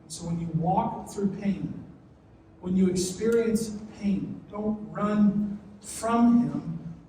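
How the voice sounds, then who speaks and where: Youth pastor, young man, high and animated delivery, heard from a distance in a roomy hall. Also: slow pace. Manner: animated, acts out prayers in a strained voice. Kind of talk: youth group sermon. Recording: echoey hall, distant mic, faint noise.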